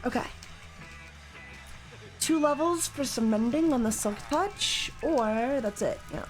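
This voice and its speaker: A woman with a slightly high voice chats casually through a live game stream, joking and swearing as she goes. She now and then breaks into loud mock rants aimed at her chat. Faint music plays underneath. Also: lively intonation, slow pace. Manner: jokey and profane, bursts into loud mock rants.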